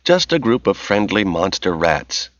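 A man's voice: on the low side, sing-song, brisk, fairly bright tone, breathy edge, no room sound, voice pushed up, full character voice. A man voicing an irritable, anxious woman who snaps and scolds over an earpiece link. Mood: anxious scolding. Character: anxious, bossy adult woman on the line. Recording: slightly dull dry recording.

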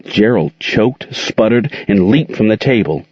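A man narrating a novel as an expressive audiobook reader, in a dull, dry recording. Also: on the low side, moderate pace, hardly any pauses, breathy edge, no echo. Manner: expressive storytelling.

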